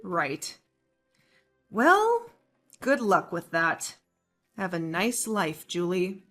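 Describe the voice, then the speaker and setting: A woman voicing a calm, pregnant young wife who answers her sister-in-law with dry sarcasm, in a dramatized story. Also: fairly low pitch, drawn-out words, faint music behind, full character voice. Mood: cool. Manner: cool, composed, dryly sarcastic. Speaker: voice actor.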